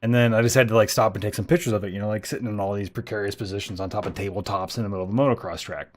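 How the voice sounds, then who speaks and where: A man's voice: lowish voice, fairly even intonation, rapid-fire. A man streaming a game live, telling rambling stories with lots of swearing and frequent laughter. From United States. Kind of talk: casual live-stream storytelling.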